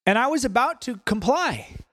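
A young man preaching a sermon, telling stories in an animated, conversational way. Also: very high voice, normal speed. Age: young adult. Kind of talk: sermon storytelling.

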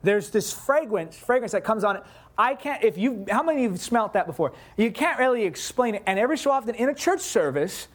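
A man preaching a sermon, telling a story in an animated way and acting out his own prayers. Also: high voice, fairly quick.

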